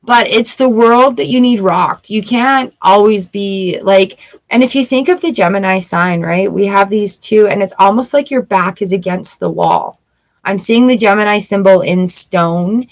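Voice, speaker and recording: A woman reads tarot cards for her viewers in a relaxed, chatty way. She talks straight to the audience and keeps checking in with a quick "right?" Her voice sits at an ordinary middle pitch for a woman. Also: low-quality recording. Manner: chatty, addresses viewers directly with frequent "right?". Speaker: tarot reader. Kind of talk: casual tarot reading to camera.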